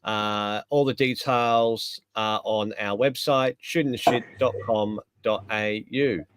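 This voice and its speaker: A man's voice: on the low side, fairly even intonation, slow pace, a little hiss or hum. A man co-hosting a casual chat, plugging events in an easygoing way. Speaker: podcast co-host.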